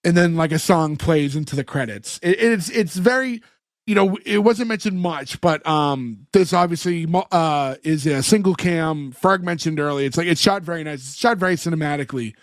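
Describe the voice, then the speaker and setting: Podcast host, male, high voice, dry close sound, lively recap style. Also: moderate pace, dry recording. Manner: animated plot recapping with acted quotes. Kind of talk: casual chat.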